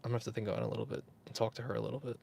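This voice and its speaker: A man's voice: on the low side, sing-song, rapid-fire, creaky, a little mellow, husky. A man hosting a casual livestream, rambling, chuckling and answering viewers in the chat. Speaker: YouTube host.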